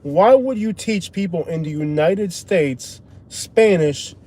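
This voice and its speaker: A man's voice: sits high, animated, takes it slowly, darkish tone. Argumentative man chatting in a car. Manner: argumentative, insistent. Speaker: live-stream host. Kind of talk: casual chat. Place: inside a moving car. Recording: road noise in a car.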